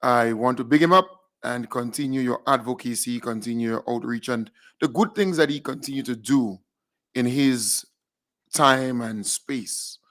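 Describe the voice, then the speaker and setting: A man co-hosting a live online talk show, chatting easily with pauses and asides. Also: medium pitch, fairly bright tone. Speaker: co-host. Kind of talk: casual live chat.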